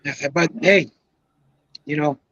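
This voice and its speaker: An older man in his seventies with a fairly high voice rambles through a long anecdote and leans hard on his emphatic asides. The sound is dry and close, with a dull, lo-fi edge. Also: slow, a bit bright, no echo. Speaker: guest, retired pro bowler. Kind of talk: casual storytelling on a podcast.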